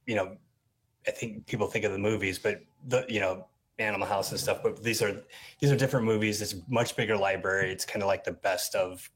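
A man's voice: lowish voice, fairly even intonation, fairly quick, a bit bright, slightly rough. A man talking as a radio show guest, enthusiastic and rambling with lots of fillers. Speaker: comedy channel staffer guest. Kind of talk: casual radio interview.

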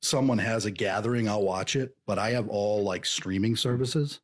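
A man co-hosting a casual chat, playful and quick to slip into silly impressions. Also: on the low side. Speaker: podcast co-host.

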